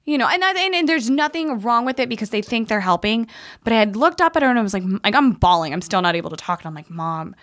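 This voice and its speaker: Woman veteran, 30s, candid podcast guest, profane and animated storyteller. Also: a little high, quick pace.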